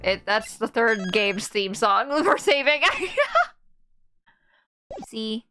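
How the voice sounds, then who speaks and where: A young woman chatting excitedly as she plays through a game on a live stream, laughing often. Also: a little high, slow pace, faint music behind.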